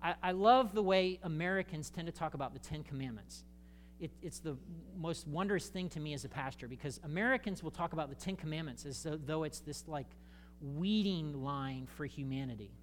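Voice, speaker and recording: A male pastor delivers a sermon, speaking conversationally to his congregation with jokey asides and animated emphasis. His voice sits a little high and moves a little fast, with a faint hiss or hum in the recording.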